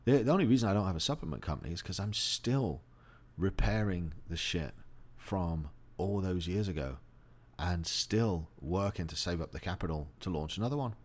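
A man's voice: low-pitched, lively intonation, normal speed. A middle-aged man hosting a motivational monologue, blunt and profane, speaking openly about personal grief. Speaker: host.

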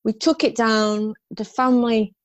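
A woman's voice: on the high side, little pitch movement, measured pace, no echo, lo-fi sound. A woman in her fifties, a guest in an interview, telling her story frankly and ramblingly, with restarts and rueful laughs.

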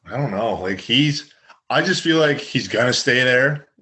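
A man's voice: mid-range voice, lively intonation, measured pace, sharp tone. Blunt Canadian man talking sports. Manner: blunt opinions, frequent "like". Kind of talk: casual sports chat.

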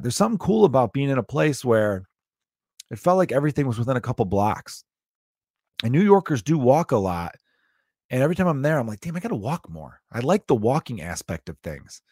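A man's voice: medium pitch, darkish tone, no echo, studio quality. A man in his thirties hosting a podcast, rambling and joking in a casual monologue, swearing freely. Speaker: podcast host.

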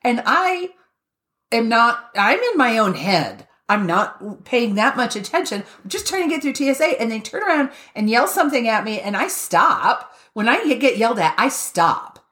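A woman talking casually with a friend, her voice sitting a little high and swinging widely in pitch. She tells her stories with lots of laughter and acts out the people in them. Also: moderate pace. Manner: animated storyteller, acts out quoted people, laughs often. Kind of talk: casual chat.

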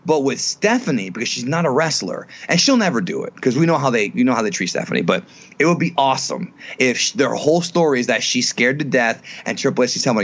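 Excited man pitching wrestling ideas. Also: quick pace, highs cut off. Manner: animated, pitches booking ideas, many restarts. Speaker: podcast co-host. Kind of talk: casual wrestling chat.

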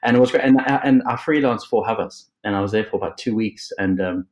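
Laughing South African man, lowish voice. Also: quick pace, darkish tone, rough recording. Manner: laughing, swearing, rambling with many fillers. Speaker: interview guest. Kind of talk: casual interview chat.

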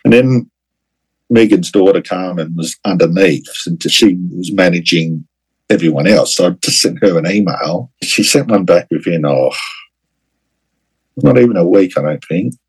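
A man's voice: deep voice, moderate pace, slightly rough, poor audio. An Australian man in his forties telling a personal story in an interview, rambling and full of fillers. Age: 40s. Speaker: guest.

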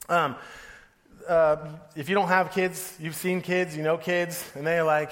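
A man's voice: fairly high pitch, fairly even intonation, normal speed, fairly bright tone. Joking man preaching in a reverberant hall. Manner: casual, joking, laughs often. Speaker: pastor. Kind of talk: sermon.

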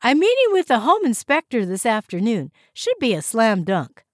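A woman's voice: a little high, huge pitch swings, moderate pace, dry recording, studio quality, pitched above the performer's own voice. A woman voicing a breezy, self-assured young real estate agent.

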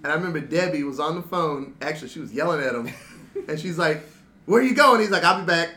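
A man telling animated, laughing stories among friends and acting out their lines. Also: a little high, fast talker. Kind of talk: casual storytelling among friends. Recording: echoey room, noisy background.

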